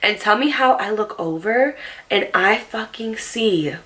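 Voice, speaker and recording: A woman in her late twenties telling a storytime vlog to camera, animated and sassy, swearing freely. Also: mid-range voice, a little slow. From New Jersey. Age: late 20s. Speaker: storytime vlogger.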